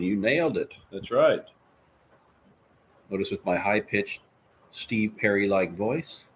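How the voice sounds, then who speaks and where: Podcast host, male, lowish voice, casual rambling live-chat delivery, light background ambience. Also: animated, normal speed, a bit bright, slight background noise. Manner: jokey and rambling. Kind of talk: casual live-stream chat, reading viewer comments.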